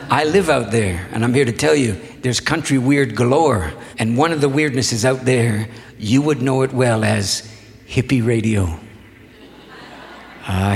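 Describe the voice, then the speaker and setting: A man telling a long story to a live audience in an unhurried, reflective, folksy way. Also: mid-range voice, long reverb tail, a little hiss or hum. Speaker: spoken-word storyteller. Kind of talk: live spoken-word storytelling. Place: hall before an audience.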